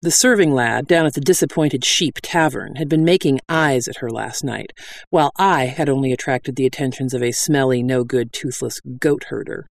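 A man's voice: mid-range voice, vocal fry. Man narrating a wry fantasy tale.

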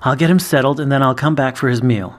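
Man doing a sly deadpan young squire. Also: medium pitch, fast, close to an everyday voice.

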